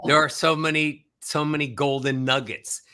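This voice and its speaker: A man hosting an interview, enthusiastic and full of praise, pitching a book to viewers. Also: little pitch movement, moderate pace, bright, forceful tone. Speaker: host.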